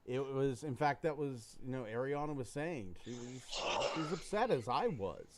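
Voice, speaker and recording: A man's voice: mid-range voice, moderate pace. A man hosting a casual podcast, talking in a rambling way with frequent restarts. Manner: rambling, animated, trailing off and restarting. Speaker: podcast host. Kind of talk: casual chat.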